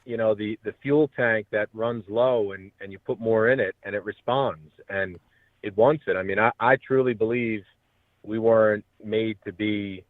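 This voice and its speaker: A man talks earnestly and motivationally as a guest on a radio interview. His voice sits a little low and arrives over a tinny phone line. The sound is dry, with no room around it. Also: fairly even intonation, moderate pace, no room sound.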